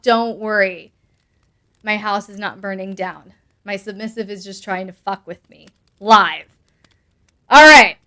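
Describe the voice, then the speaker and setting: A woman's voice: on the high side, pushed and bright, clean tone. A young adult woman hosting a live stream, reading viewer comments aloud with bubbly asides and frequent laughs. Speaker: host answering patron questions.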